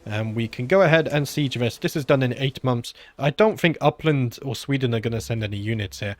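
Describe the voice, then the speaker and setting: Speaking a little fast in a mid-range, darkish voice, a British gaming channel host offers relaxed let's-play commentary on a strategy game. He thinks out loud with lots of filler sounds and comes across as a bit under the weather.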